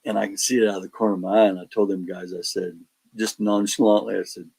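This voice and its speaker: A man telling his paranormal investigation stories in casual chat, animated and acting out the quotes. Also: on the low side, a little fast, vocal fry, breathy edge, low-quality recording. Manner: animated storyteller, acts out quotes, laughs between lines. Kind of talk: casual storytelling on a podcast.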